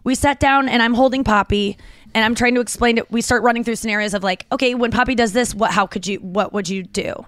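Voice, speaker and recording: A woman in her thirties co-hosting a podcast, telling animated stories in casual chat with lots of restarts and fillers. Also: on the high side, fast talker, no room sound. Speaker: podcast co-host.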